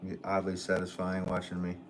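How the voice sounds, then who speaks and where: A man's voice: low-pitched, monotone, brisk, background noise. A man live-streaming from his pottery studio, chatting casually with viewers and answering their comments while he works clay.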